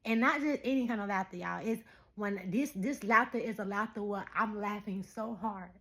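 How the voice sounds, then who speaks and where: A woman in her thirties talking straight to her viewers in a casual spiritual message, animated and preachy, laughing often. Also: medium pitch, moderate pace. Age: 30s. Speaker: spiritual vlogger.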